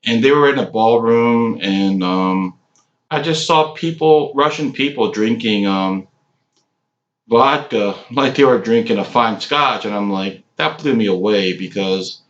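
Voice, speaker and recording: A man in his late forties giving a casual, rambling cigar review, halting often with ums. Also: lowish voice, fairly bright tone. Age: 40s. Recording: echoey room, dull lo-fi sound.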